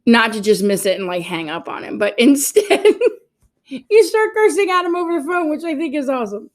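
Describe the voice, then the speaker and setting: A woman's voice: high-pitched, big pitch swings, fairly quick. A woman co-hosting a casual chat, chiming in and teasing with light laughter. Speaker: podcast co-host.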